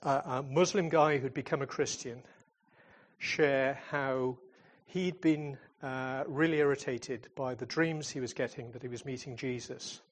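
Speaking unhurriedly in a mid-range voice, this man tells stories with hesitations and restarts while representing a charity in churches. His talk is informal and chatty and closes with a prayer, and he describes himself as a fun-loving comedian type.

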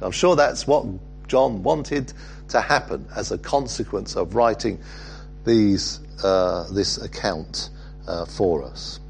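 A man preaching a sermon, reflective and halting, with frequent fillers. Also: lowish voice, creaky, a little hiss or hum.

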